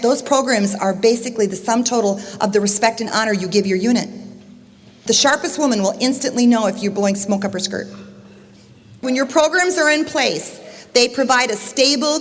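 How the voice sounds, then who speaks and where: A woman giving an emphatic motivational speech on stage, addressing her audience as "gang". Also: on the high side. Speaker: motivational conference speaker. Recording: echoey hall.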